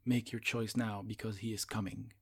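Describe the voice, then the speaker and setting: A man's voice: on the low side, level tone, normal speed, gravelly, breathy edge. A man voicing a desperate, once-mighty male sorcerer, speaking urgently and pleadingly. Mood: shouting. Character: desperate fallen male sorcerer, proud but broken.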